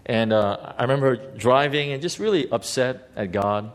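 A middle-aged male pastor preaching a sermon, halting with many fillers and dropping soft and slow at heartfelt moments. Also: mid-range voice.

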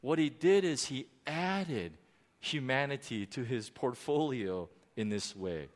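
A man preaching a sermon with animated emphasis, dramatic pauses and frequent restarts. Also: medium pitch. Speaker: pastor. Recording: long hall reverb.

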